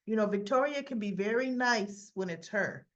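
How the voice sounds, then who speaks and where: A woman with a mid-range voice hosts a casual soap opera recap at a moderate pace, chatty and opinionated, acting out the characters' lines as she goes. The sound is lo-fi.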